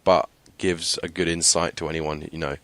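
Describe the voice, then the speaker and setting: Deep guy recapping tv, dry close sound, chatty with lots of ums. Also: little pitch movement, moderate pace, a bit bright, dry recording. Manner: chatty, laughs often, hesitant fillers. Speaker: podcast co-host. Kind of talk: casual TV recap chat.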